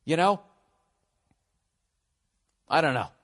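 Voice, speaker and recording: A middle-aged man talks through listener advice in a loose, rambling comic monologue, swearing freely and speaking bluntly. His voice sits a little high for a man. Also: lively intonation, takes it slowly, fairly bright tone. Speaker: podcast host giving advice. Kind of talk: casual comedic advice monologue.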